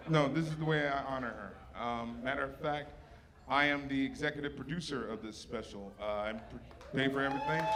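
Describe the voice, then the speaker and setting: A man doing a stand-up set in a comedy club, swearing freely and fighting back tears as he talks about his mother. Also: medium pitch. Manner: profane, emotional, close to tears. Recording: live club with audience noise.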